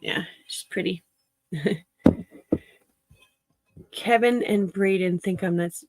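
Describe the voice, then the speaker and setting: A woman's voice: mid-range voice, slow pace, pauses often, a little mellow, no room sound, low-quality recording. A woman chatting casually with livestream viewers as she works, laughing often and greeting them by name. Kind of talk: casual livestream chat while working.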